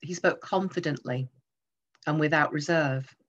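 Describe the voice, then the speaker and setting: A woman's voice: low voice, unhurried, fairly bright tone, highs cut off. A woman preaching a sermon, emphatic and teaching through rhetorical questions.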